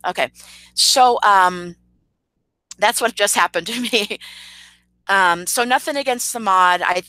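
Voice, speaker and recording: A woman rants on her livestream with a bright, edgy voice, full of sarcasm and indignation. She hesitates often with "um" and "you know." The recording is dry and close. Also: mid-range voice, dry recording, low-quality recording. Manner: sarcastic and indignant, with frequent fillers. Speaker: channel host. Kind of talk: livestream commentary rant.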